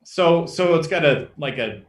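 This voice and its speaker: A man's voice: fairly high pitch, expressive, a little slow, slight background noise. A man co-hosting a podcast, teasing and sarcastic in casual banter. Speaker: podcast co-host. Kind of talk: casual chat. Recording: echoey room, mic at a distance.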